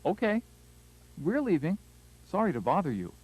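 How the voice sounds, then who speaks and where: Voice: mid-range voice, big pitch swings, moderate pace, background noise. A speaker asking short questions in a scripted language course dialogue.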